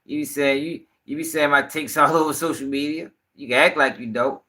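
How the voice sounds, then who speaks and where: A man's voice: a little high, fairly even intonation, brisk, sharp tone. A young man giving rambling, profane casual commentary on a livestream.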